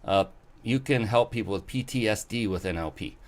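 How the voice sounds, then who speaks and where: A man with a somewhat low voice hosts a casual interview show. He talks eagerly and rambles, filling his sentences with "uh" and quick restarts. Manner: enthusiastic, rambling with many fillers. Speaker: show host.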